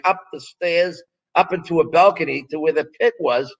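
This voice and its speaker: Here the ex-strongman and former pro wrestler, a man in his 60s, sounds on the high side and a bit bright, talking at normal speed over poor audio. As an interview guest he's blunt, profane, and a rambling storyteller, and the conversation is a casual storytelling interview.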